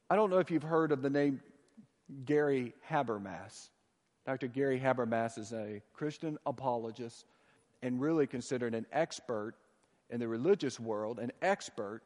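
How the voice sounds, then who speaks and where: A man preaching a sermon in a church, moving from loud proclamation to soft, hushed asides. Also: mid-range voice. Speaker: pastor. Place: church sanctuary. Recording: long reverb of a large hall.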